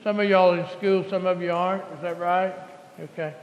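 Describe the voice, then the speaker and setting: High-voiced pastor coaxing children in a church. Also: male voice, fairly even intonation, normal speed, muffled recording. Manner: playful, coaxing talk to children. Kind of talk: children's sermon. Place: large church sanctuary. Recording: echoey church hall, mic at a distance.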